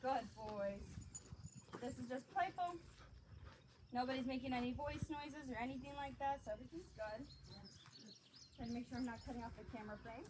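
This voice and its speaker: A woman with a high voice works as a dog trainer, explaining each step of the session in a calm, clear voice. She praises the dogs often and warmly. The recording has clear background noise from outdoors. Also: fairly quick, pauses often. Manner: warm, encouraging praise mixed with calm explanation.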